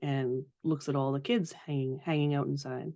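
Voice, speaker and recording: A tabletop player calmly describing their character's actions. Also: mid-range voice, normal speed, no echo, studio quality. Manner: calm, descriptive.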